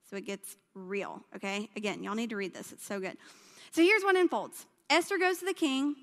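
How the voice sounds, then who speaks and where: A woman's voice: a little high, lively intonation, normal speed, a bit bright. A woman telling a Bible story in a casual sermon, chatty and slangy, full of fillers. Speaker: speaker teaching a Bible story. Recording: long hall reverb.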